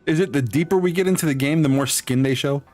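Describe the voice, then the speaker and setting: A man's voice: fairly high pitch, quick pace, a little mellow, soft background music. A man with a Hispanic accent giving casual, laughing commentary while streaming a game. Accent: Hispanic-accented English. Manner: laid-back, laughing, rambling.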